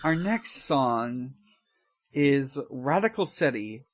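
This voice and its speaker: A podcast co-host chatting casually and reading song lyrics aloud in a flat, unhurried way. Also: mid-range voice.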